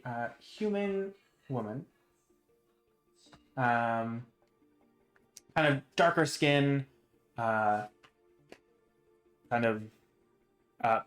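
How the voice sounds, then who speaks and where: A man narrating as game master of a tabletop game, talking haltingly with many fillers. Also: mid-range voice, reverberant.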